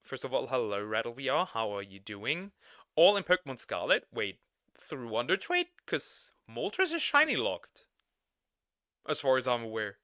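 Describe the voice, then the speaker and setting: A man with a non-native English accent chats on a livestream, rambling and restarting his sentences. His voice is bright and crisp with a lot of swing in pitch, and it sounds close and dry. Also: normal speed, no room sound. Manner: rambling, animated, laughs often, restarts sentences. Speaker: streamer reacting to videos and chatting. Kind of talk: casual livestream chat.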